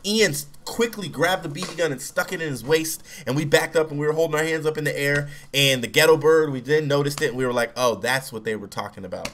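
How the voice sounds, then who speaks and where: A young man telling a personal story in a relaxed, casual way, acting out quotes loudly. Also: a little high, fast talker, few pauses, a little hiss or hum. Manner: relaxed, acts out quotes with raised voice.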